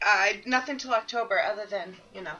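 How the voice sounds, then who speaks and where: A woman's voice: medium pitch, quick pace, pushed and bright, highs cut off. A woman co-hosting a casual podcast and organizing paranormal events, giggly and chatty.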